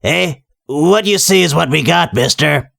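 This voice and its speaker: A man voicing a surly, heavyset male armory clerk who talks gruffly. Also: fairly high pitch, a little slow, fairly bright tone, no echo, studio quality, pitched above the performer's own voice, full character voice. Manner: gruff, sullen.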